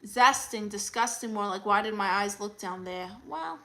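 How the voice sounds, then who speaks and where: A woman hosting a comedy livestream as an advice-giving aunt, chatting casually with a sassy, teasing manner and reading comments out loud. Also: mid-range voice, moderate pace, few pauses, poor audio. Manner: coos baby talk at her dog.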